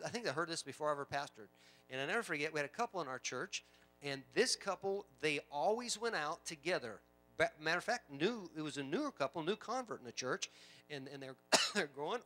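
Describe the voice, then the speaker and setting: A middle-aged pastor delivers a sermon in a church, his voice bright and somewhat high for a man. He talks in a conversational way, full of asides and repetitions, then swells into loud, emphatic preaching. The tone stays edged and forceful. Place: church sanctuary.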